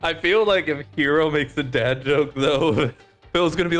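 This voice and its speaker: A man's voice: fairly high pitch, moderate pace, a bit bright, faint music behind. A man playing a tabletop game, joking and laughing with his friends. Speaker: player. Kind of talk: casual chat at a tabletop game.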